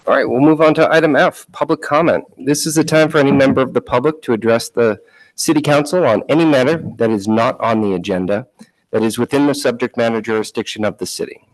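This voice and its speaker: A man chairing a city council meeting, reading the procedural rules in a measured way. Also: mid-range voice, no echo, poor audio. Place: council chamber.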